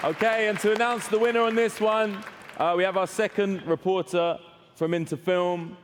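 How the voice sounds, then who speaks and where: A man's voice: sits high, fairly even intonation, normal speed, a faint crowd. A man hosting an awards ceremony on stage, joking, rambling and laughing at his own jokes. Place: large hall with live audience. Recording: long hall reverb, audience noise.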